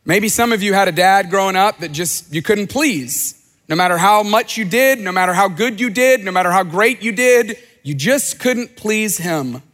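A man's voice: high-pitched, expressive, normal speed, a bit bright. A man preaching a sermon in a conversational way, often repeating phrases for emphasis. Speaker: pastor. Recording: long reverb of a hall.

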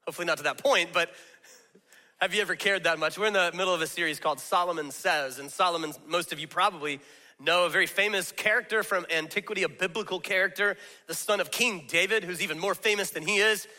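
Bright-voiced pastor in a reverberant hall. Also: male voice, sits high, quick pace. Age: adult with young children. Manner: conversational, self-deprecating, laughs often. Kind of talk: casual sermon with storytelling.

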